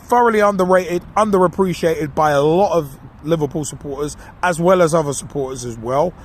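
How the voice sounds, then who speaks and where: A man co-hosting a podcast, delivering a casual, animated and mocking football opinion monologue. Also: fairly high pitch, a little fast, a little hiss or hum. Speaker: podcast co-host.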